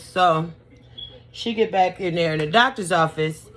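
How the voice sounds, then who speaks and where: A woman's voice: fairly low pitch, unhurried, a bit bright. A woman beauty vlogger telling a story in a casual, chatty, sassy and colloquial way while she does her makeup.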